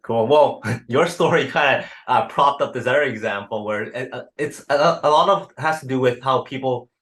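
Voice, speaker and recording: Male host, mid-pitched voice, halting and casual, often repeats his words. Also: a bit bright. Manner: hesitant, repeats words, ends with "right?". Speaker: podcast host. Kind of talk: conversational interview.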